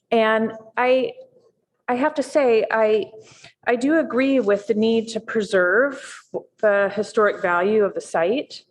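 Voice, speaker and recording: A woman on a city board giving her comments in a public meeting, thoughtful and hesitant with frequent pauses and restarts. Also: medium pitch. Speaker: board member.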